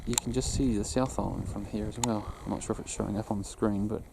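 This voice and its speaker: A man's voice: on the low side, quick pace, creaky. A young man, chatting casually while hiking in the mountains and filming on a camera. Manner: relaxed, chatty, laughs easily. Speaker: hiker filming a vlog. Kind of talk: casual outdoor vlog narration. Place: mountain tops outdoors. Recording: outdoor recording with wind noise.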